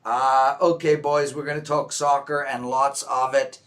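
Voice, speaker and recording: A man with a bright, forward voice hosts a casual sports chat, ribbing his co-hosts and keeping things loud and playful. He talks over a video call. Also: medium pitch, flat delivery, a little slow. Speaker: host.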